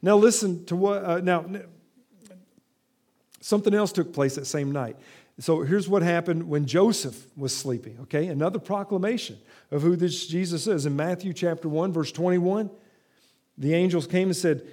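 A man preaching a sermon in a fairly high voice. He swings between emphatic, raised lines and slow, hushed stretches. He often reads scripture aloud. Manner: emphatic preaching with sudden drops to slow, quiet delivery. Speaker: pastor.

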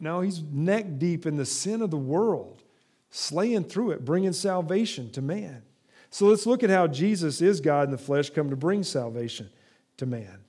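A man preaching a sermon, moving from emphatic, raised passages to slow, quiet stretches as he quotes scripture. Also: on the high side. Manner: reads and quotes scripture aloud, rising for quoted voices. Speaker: pastor.

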